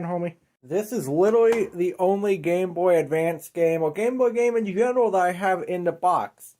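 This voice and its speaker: With a high, somewhat mellow voice, a video creator rants to camera in a comedic, expletive-heavy way. His exasperated rambling keeps breaking off and starting back up.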